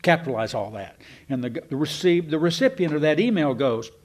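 A man giving a folksy, digressive Bible teaching to a congregation, slowing down to stress key words. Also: on the high side, very animated, darkish tone. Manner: folksy and digressive, slows down for emphasis. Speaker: preacher.

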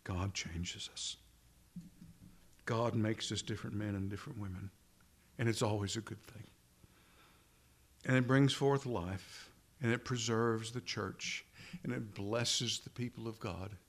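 A man's voice: lowish voice, measured pace, pauses often. A man preaching a sermon in an earnest way, asking rhetorical questions and repeating phrases for emphasis.

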